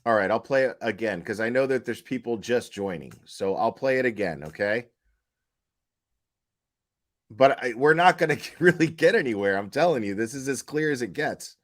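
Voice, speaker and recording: A man giving casual livestream commentary, halting and repeating words as he questions and answers his chat. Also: medium pitch, animated, fairly bright tone. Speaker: online commentator.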